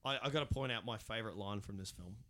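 A man co-hosting a casual film podcast, rambling and laughing often, with loud bursts when he quotes a line. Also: on the low side, fast talker. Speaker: podcast co-host.

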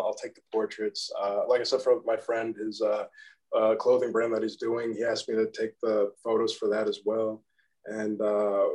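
A man with a monotone voice, a guest photographer in a casual interview, self-deprecating and rambling, laughing now and then. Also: fairly low pitch, low-quality recording. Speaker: guest photographer and graphic designer.

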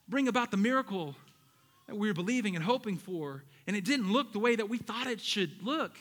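A male pastor preaching a sermon, moving between loud emphatic lines and low storytelling and acting out Bible characters in casual voices. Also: expressive, fairly quick.

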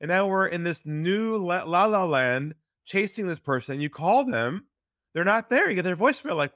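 A sales trainer appears as a male podcast guest, telling stories earnestly in an animated, slightly bright voice at normal speed. The dry booth recording has no echo, and he drops his voice low when he gets into a story.

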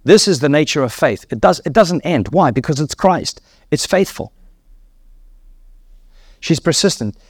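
A man's voice: a little high, expressive, unhurried, pauses often, no echo. Emphatic male preacher, dry close sound. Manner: emphatic, repeats phrases, rises sharply on key words. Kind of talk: sermon.

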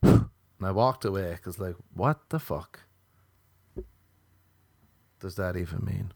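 A man's voice: low voice, slow pace, vocal fry, mellow. A man in a casual monologue, ranting sardonically and swearing often.

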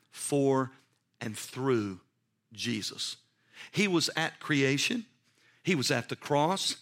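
A man's voice: a little high, a bit bright. A man pastor giving a sermon to his congregation, emphatic and repetitive, putting questions straight to his listeners. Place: church service.

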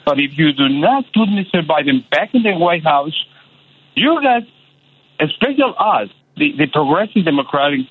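A man's voice: on the high side, big pitch swings, breathy edge. Impassioned male caller on a tinny phone line. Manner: passionate, halting, many repeated fillers. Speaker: radio caller. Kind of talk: impassioned call-in.

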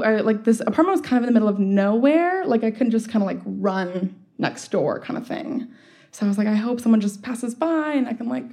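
A woman's voice: medium pitch, mellow. A young woman telling a personal story in a casual, chatty way, full of "like" fillers and wry laughs. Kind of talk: storytelling monologue.

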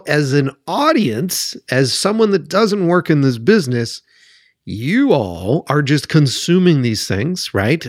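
A man's voice: mid-range voice, no echo, clean studio sound. A man hosting a solo podcast, ranting in a sarcastic, profane way and keeps checking in with "right?". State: worked up. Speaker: podcast host.

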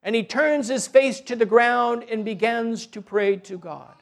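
A man telling a religious story in a slow, deliberate, gentle way. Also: extremely high pitch, vocal fry.

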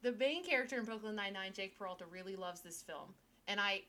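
A woman's voice: medium pitch, fast talker, bright, forceful tone. A woman co-hosting a casual podcast chat, giggly and rambling, often restarting her sentences. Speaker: podcast co-host.

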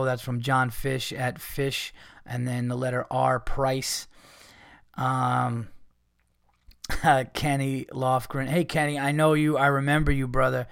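A man's voice: medium pitch, little pitch movement, slow, vocal fry, long pauses, fairly bright tone, dry recording, studio quality. A man hosting a podcast, rambling casually with lots of swearing, fillers and restarts. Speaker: podcast host.

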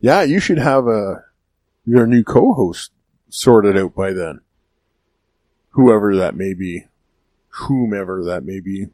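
Slow, teasing man on a podcast. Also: on the low side, animated, dark tone, dry recording. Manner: dry, teasing humor. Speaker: podcast co-host. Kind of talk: casual podcast chat.

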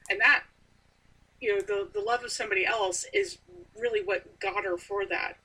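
A woman in casual chat about a book, thoughtful and measured, with frequent "you know". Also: medium pitch, lively intonation, pushed and bright, slightly rough, far from the mic, poor audio. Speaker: book discussion co-host.

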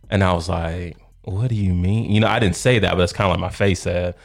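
A man in his thirties, a podcast co-host, telling a long story in a rambling, animated way with lots of fillers. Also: low voice, a little fast, creaky, few pauses. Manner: rambling, animated, laughs often, many fillers. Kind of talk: casual storytelling chat.

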